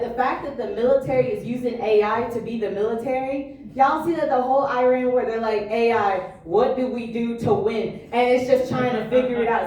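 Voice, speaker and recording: A woman's voice: on the high side, a little mellow. A woman performing a casual stand-up set on a comedy club stage, chatting with the crowd. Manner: conversational, addresses crowd as y'all. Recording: echoey room from far off.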